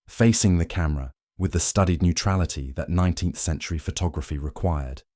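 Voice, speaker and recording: A man giving calm, measured, scripted second-person history narration meant for falling asleep. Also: low voice, no room sound, clean studio sound. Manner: calm, measured, even storytelling.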